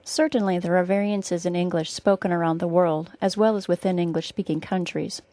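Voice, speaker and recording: A young woman with a General American accent teaches pronunciation, stretching each example sound slowly. Her voice sits low for a woman and has a mellow tone. She is recorded dry, with no room sound. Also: steady tone, no echo. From northern Wisconsin, US. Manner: careful, slow model pronunciations. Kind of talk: scripted podcast lesson.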